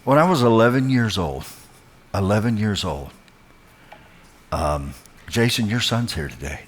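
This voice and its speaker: A middle-aged man speaks to a church congregation in an easy, chatty way, greeting people by name. His voice is low, with a faint layer of noise behind it. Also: expressive, measured pace. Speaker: guest speaker. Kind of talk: motivational church talk.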